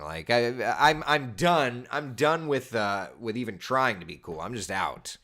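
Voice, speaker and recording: A man in his late thirties with a light lilt, hosting a relaxed weather livestream chat. His pitch swings widely, jumping high on exaggerated disbelief and dropping low for wry remarks, in a friendly, conversational way. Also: moderate pace, few pauses. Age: 30s. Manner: animated, exaggerated incredulous asides. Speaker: weather host. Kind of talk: casual livestream chat reading viewer comments.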